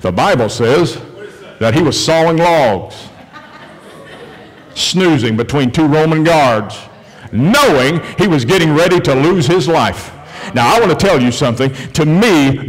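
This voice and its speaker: Male pastor, sermon, fairly high voice, hushed to shouting, long church-hall reverb. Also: lively intonation, a little slow. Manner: preaching with big swings from hushed to shouted. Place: church sanctuary during worship service.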